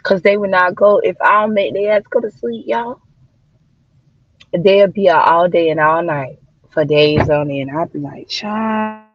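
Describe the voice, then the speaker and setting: A woman's voice: fairly low pitch, steady tone, unhurried, no room sound, lo-fi sound. Chatty, cussing woman livestreaming to viewers. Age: adult mother of daughters. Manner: chatty, swearing, addressing viewers as y'all and child. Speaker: livestream host. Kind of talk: casual livestream chat.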